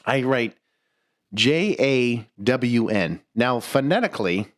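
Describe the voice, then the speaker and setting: Animated, profane young man telling stories. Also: medium pitch, slow pace. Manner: animated, profane, laughs mid-sentence, stumbling restarts. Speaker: podcast co-host. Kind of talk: casual storytelling chat.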